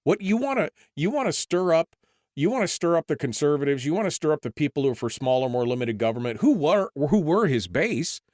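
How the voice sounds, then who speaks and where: Male radio host, mid pitch, dry close sound, chatty and frustrated. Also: big pitch swings, brisk, a little mellow, no room sound. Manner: frustrated, conversational, leans on "I mean". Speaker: talk show host. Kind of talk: radio talk-show conversation.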